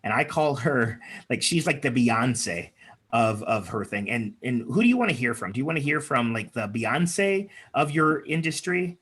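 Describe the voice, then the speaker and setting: A man's voice: medium pitch, very animated, normal speed, a bit bright, breathy edge. A man leading an online speaking workshop, chatty and encouraging, with lots of fillers, over a video call. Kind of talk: workshop talk with improv exercises.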